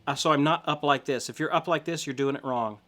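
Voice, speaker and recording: A man's voice: a little high, quick pace, a bit bright. A middle-aged man teaching a guitar lesson step by step, encouraging and counting along, often checking in with "okay?".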